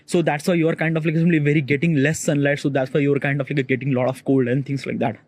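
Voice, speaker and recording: A man vlogging alone outdoors on a rooftop on a cold morning. He rambles fast with heavy fillers and keeps telling himself to slow down. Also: fairly high pitch, little pitch movement, a little mellow. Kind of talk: rambling solo monologue.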